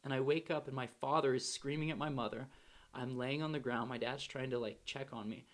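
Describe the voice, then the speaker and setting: A man's voice: medium pitch, fairly even intonation, brisk. A man telling a candid first-person recovery story in a casual, slangy way. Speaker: storyteller recounting his recovery.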